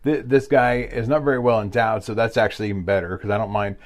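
A man's voice: on the low side, fairly even intonation, fast. A man co-hosting a podcast, telling long stories in a casual, rambling way with lots of fillers and asides, laughing as he goes. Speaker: podcast co-host. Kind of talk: casual storytelling chat.

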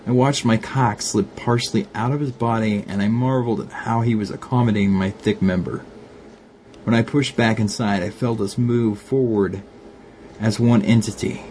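A man with a Glaswegian accent calmly reads an erotic story aloud, shifting his voice slightly to play the lovers. His pitch is fairly low, his pace moderate, and there's slight background noise.

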